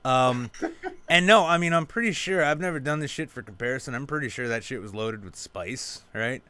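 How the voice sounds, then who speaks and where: A man's voice: mid-range voice, animated, moderate pace, pushed and bright, clear, resonant tone, no room sound. A man hosting a podcast, telling rambling, profane anecdotes full of quoted dialogue. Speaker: podcast host. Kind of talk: casual storytelling chat.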